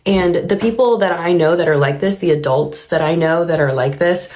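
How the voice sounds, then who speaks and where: A woman with a notably low voice talks through her reaction to a clip. Her delivery is earnest and reflective, thinking aloud as she goes. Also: moderate pace, darkish tone. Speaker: reaction video host. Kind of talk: reaction commentary.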